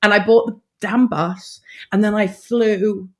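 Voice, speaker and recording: A middle-aged woman, a podcast guest telling her story in a lively, expressive way and acting out past conversations. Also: mid-range voice, unhurried.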